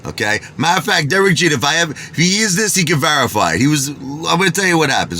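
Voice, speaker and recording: A man's voice: on the high side, fast talker, slight background noise. A man from Bensonhurst with a Brooklyn accent, telling a boastful story with street talk and oaths that he doesn't lie. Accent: Brooklyn New York. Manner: animated, street-talking, swears he doesn't lie. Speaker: vlogger.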